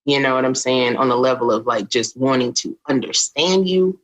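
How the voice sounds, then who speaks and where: A woman co-hosting a podcast in casual chat, blunt and teasing, with quick jokes. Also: rumbling low, animated, poor audio. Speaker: podcast co-host.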